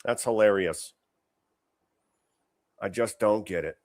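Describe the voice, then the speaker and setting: A man's voice: on the low side, slow pace, a little mellow. A man hosting a political commentary show, talking in a sarcastic, indignant, conversational way. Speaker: show host.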